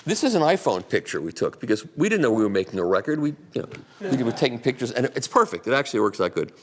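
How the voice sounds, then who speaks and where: Rich: An older man at a live talk, medium-pitched and conversational. He answers audience questions with long, animated, rambling stories. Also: fast, a little hiss or hum. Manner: animated, rambling anecdotal storyteller.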